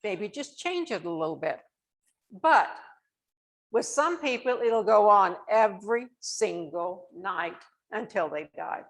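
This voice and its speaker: In a rough recording, an older woman, a nurse and dementia specialist, speaks slowly to families with lively intonation and a mid-range voice. Her talk is warm and anecdotal, drawn from her own life, and she acts out the dialogue.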